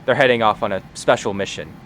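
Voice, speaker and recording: A man's voice: on the low side, quick pace, a bit bright, slight background noise, close to an everyday voice. A man voicing a wary farm woman who keeps to herself and speaks in a terse, guarded way.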